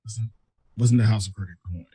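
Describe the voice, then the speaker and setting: A low-voiced man with a husky tone co-hosts a casual podcast. He answers hesitantly, trailing off mid-thought. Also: normal speed, dark tone. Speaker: podcast co-host.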